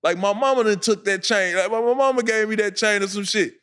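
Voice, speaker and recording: A man, co-hosting a podcast and telling an animated story full of acted-out quotes. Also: high voice, brisk, smooth. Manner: animated storyteller, acts out quotes, laughs a lot. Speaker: podcast co-host. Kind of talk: casual storytelling.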